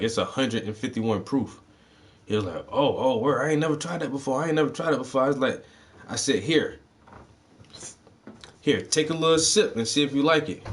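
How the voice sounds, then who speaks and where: A man in casual chat, telling stories full of swearing. He jumps into loud, high-pitched outbursts and then drops back to a low, laid-back voice. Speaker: livestream host.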